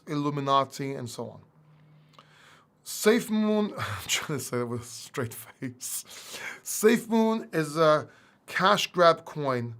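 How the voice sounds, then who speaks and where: A man hosting a casual livestream Q&A, animated and blunt, firing off rhetorical questions and mocking what he dislikes. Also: high voice. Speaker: crypto channel host.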